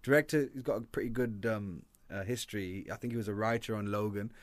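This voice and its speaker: A man co-hosting a film chat, animated and joking, with a voice that jumps up when he gets excited. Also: dry recording. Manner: animated and joking, quick pitch jumps, laughs often. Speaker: podcast co-host reviewing films. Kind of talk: casual chat.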